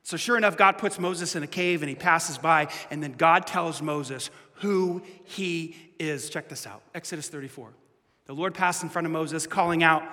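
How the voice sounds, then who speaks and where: A male pastor giving an animated, conversational sermon with playful asides, speaking in a church hall. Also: fairly high pitch, moderate pace. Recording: echoey hall.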